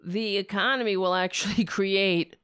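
A woman hosting a political talk show, speaking in a sarcastic, rambling way while her voice is going hoarse. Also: medium pitch, fairly even intonation, normal speed, a bit bright, dry recording, clean studio sound. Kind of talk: casual opinion commentary.

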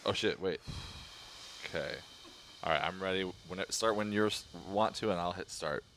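A man's voice: low voice, moderate pace, a bit bright, slight background noise. A man hosting a casual comedy podcast, laid-back and giggly as he runs a silly game. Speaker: podcast host. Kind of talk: casual joking chat.

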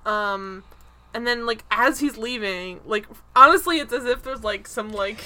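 Bright-voiced chatty woman recapping a show. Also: a little high, a little slow. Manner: rambling, lots of "like", laughs while acting out scenes. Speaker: podcast co-host recapping a TV episode. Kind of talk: casual chat.

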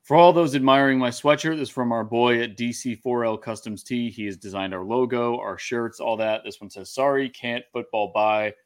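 A man hosting a casual sports podcast, chiming in with quick teasing jabs. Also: mid-range voice, fairly even intonation. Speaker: podcast host, Raiders fan.

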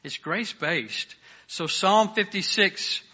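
A man preaching a sermon and reading scripture passages, earnest and fluent, often dropping his voice softly on the prayers. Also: high-pitched, lively intonation, slow pace, dull audio. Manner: earnest, varies loudness, drops soft on prayers. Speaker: pastor.

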